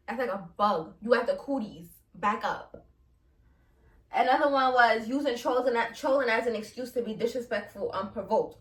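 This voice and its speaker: A woman's voice: on the high side, normal speed. Young woman w/ going off on her podcast, laughing, cussing, echoey room and a bit far from the mic. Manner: blunt, animated, laughing, profane. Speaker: podcast host. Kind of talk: casual solo podcast rant.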